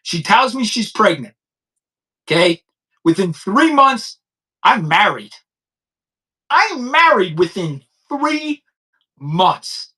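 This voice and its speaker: Over a low-quality recording, a fifty-something man delivers an unscripted crime-commentary monologue in a high, sing-song voice with a bright, forceful tone. He's blunt, heated and keeps repeating himself, but becomes subdued and halting when talking about personal loss.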